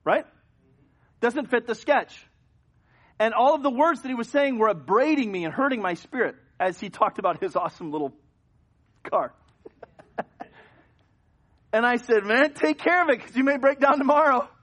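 A man preaching a sermon as pastor, telling a story with animated swings from hushed to loud. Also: extremely high pitch, normal speed, pauses often. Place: church sanctuary.

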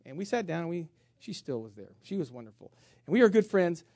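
A man preaching as a pastor, animated and humorous, jumping between loud emphasis and quiet asides. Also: a little high, fast, dry recording, clean studio sound. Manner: humorous storytelling with self-mockery. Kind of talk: sermon.

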